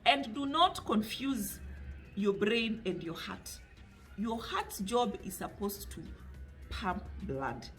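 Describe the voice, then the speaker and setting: A woman's voice: mid-range voice, animated, takes it slowly, soft background music. Chatty Kenyan woman giving money advice. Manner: chatty and direct, mixing in Swahili phrases. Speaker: personal finance YouTuber. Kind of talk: casual talk to camera.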